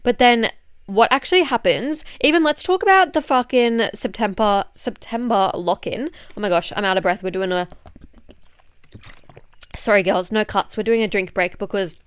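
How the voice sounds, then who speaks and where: A woman's voice: medium pitch, normal speed, clean tone, no room sound. A woman with an Australian accent, a fitness coach and podcast host who is a bit unwell, talking in a blunt, chatty, swear-heavy way. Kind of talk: casual chat monologue.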